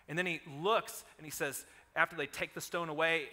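Male pastor, 30s, slightly high, bright voice, animated sermon delivery, reverberant hall. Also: fast, few pauses. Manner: animated storytelling, rising loud on quoted commands.

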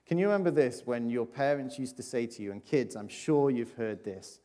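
A man's voice: medium pitch, normal speed, hardly any pauses, mellow. A man giving a playful children's talk in a church service, chatting and asking the audience questions. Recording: long reverb of a large hall.

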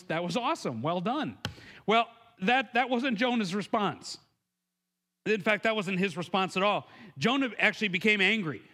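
A man preaching a sermon in an earnest, conversational way, often restarting his words and raising his voice to act out the quotes. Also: bright, forceful tone. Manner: acts out quotes with raised pitch and emphasis. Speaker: pastor.

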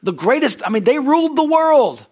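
Pastor guy preaching in church, swings his voice up and down a lot, big loud laugh. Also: extremely high pitch, normal speed. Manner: loud laugh, animated storytelling. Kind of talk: sermon. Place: church service.

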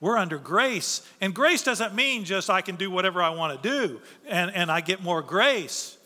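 High, bright-voiced preacher man in a reverberant hall. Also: animated, normal speed. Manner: earnest, emphatic preaching with rhetorical questions. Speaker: pastor. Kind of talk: sermon.

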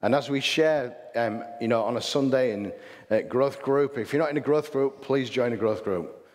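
A man's voice: medium pitch, moderate pace, darkish tone. A man with a Hull accent preaching a sermon, chatty and full of rhetorical questions and restarts. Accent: Hull English. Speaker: pastor. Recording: long hall reverb.

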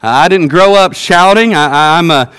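A man's voice: a little high, unhurried, fairly bright tone, clear, resonant tone. A man in his thirties preaching a sermon in a church, earnest and conversational with frequent filler sounds. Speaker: pastor. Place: church worship center. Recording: long reverb of a worship hall.

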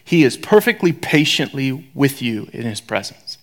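A man preaching a sermon in a conversational, joking way, swinging from loud to hushed whispers. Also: medium pitch, sing-song, moderate pace. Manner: conversational, joking, acts out voices.

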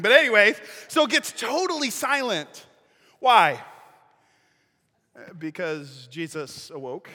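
High bright voiced pastor guy preaching, lots of reverb like a big church hall. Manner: animated storytelling with humor. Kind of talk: sermon.

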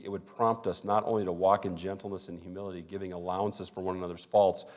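A man's voice: low voice, darkish tone. A male pastor preaching a sermon in a conversational way, acting out little everyday dialogues.

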